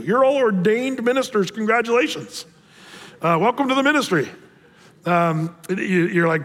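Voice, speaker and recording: High-voiced pastor preaching in a reverberant hall. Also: male voice, expressive, fairly bright tone. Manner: conversational, with many fillers and repeated starts; slows down for scripture reading. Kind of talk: sermon. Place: church sanctuary.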